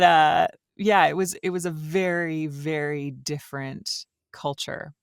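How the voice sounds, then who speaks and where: Woman guest, raised in Switzerland, chatty storyteller, smooth clear voice, dry close sound. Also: deep voice, no echo. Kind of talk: casual interview chat.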